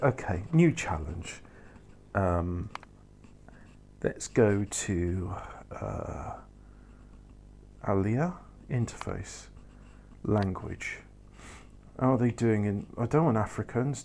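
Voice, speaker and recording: In this casual let's-play, a man with a low-leaning, slightly mellow voice full of vocal fry speaks slowly, his pitch swinging widely, while playing a factory-building game. Slight background noise sits under his rambling talk, self-corrections and wry asides.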